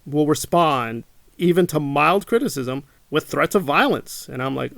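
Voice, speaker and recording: A man talks straight to his viewers, indignant and insistent, circling back to the same questions. His voice is gravelly and sits a little high. The sound is dry and close, with no room echo. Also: lively intonation, moderate pace, a bit bright. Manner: indignant, repeats himself, mocks his critics in quotes. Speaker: channel host. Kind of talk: monologue to camera.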